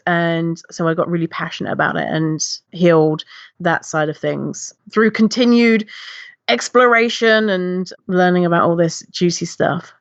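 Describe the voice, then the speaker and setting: Animated female guest, low register, candid storyteller; dull, dry lo-fi recording. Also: measured pace, smooth, dry recording. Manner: animated, acts out her past reactions in a high voice. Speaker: podcast guest, body-image activist.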